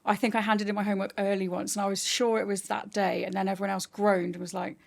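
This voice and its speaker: Creaky-voiced chatty woman guest. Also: mid-range voice, fast. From England. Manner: chatty, animated storyteller. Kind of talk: casual interview chat.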